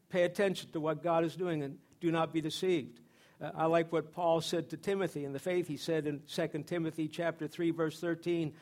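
A middle-aged man giving a sermon in church as a pastor, conversational, with repeated phrases and restarts. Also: fairly high pitch.

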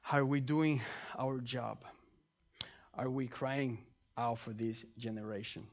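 A man's voice: mid-range voice, steady tone, slow pace, lo-fi sound. A male pastor leading a sermon and altar prayer, pleading fervently and repeating his cries to God. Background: keyboard music.

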